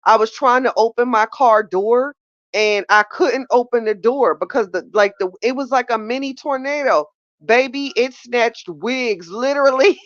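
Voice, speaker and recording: A woman's voice: fairly high pitch, normal speed, no echo, lo-fi sound. A woman hosting a live call-in chat, talking casually and giggling with her listeners, calling them child and baby.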